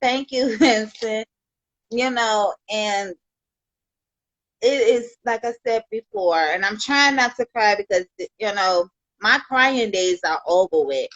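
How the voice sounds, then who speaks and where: Slow-talking heartfelt woman from Chicago. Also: mid-range voice, fairly bright tone, no echo, lo-fi sound. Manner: heartfelt, rambling, thanks viewers by name, many "you know"s. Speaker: livestream host. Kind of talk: emotional livestream talk to viewers.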